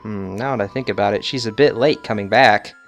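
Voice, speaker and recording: A man's voice: lowish voice, a little fast, faint music behind, natural voice. A man voicing an old potion-selling hag woman in an old-time 1950s announcer manner. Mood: cheery.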